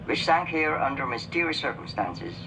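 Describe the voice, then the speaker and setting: A man's voice: fairly high pitch, lively intonation, normal speed, vocal fry, noisy background. An actor playing a male tour guide, announcing the sights in a film clip. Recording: distant film audio with loud ambience.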